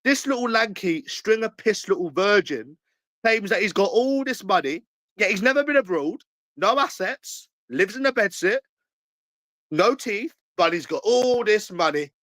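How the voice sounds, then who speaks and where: A man with a London accent, ranting angrily to camera in a repetitive, jeering way that breaks into shouts. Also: high-pitched, animated, measured pace, no echo, low-quality recording. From England. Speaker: channel owner. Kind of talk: angry ranting monologue to camera.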